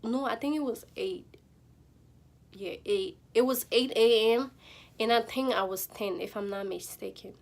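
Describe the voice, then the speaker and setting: Slow-talking young woman telling a story. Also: on the high side, vocal fry. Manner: emotional retelling with many fillers and quoted pleas. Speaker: vlogger. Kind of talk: casual storytelling.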